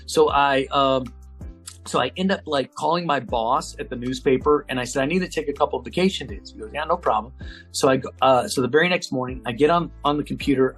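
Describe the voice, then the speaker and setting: A man's voice: medium pitch, soft background music. A man, an auctioneer and TV personality, telling a story in an interview and acting out the phone calls in quoted voices. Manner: acts out phone calls in quoted voices, lively and fast-paced.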